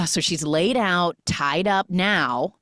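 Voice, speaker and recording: A woman hosting a movie recap podcast who retells the plot in an animated way and acts out the characters' lines. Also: on the low side, extremely slow, no room sound, studio quality. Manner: animated storytelling, quoting characters. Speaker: podcast host.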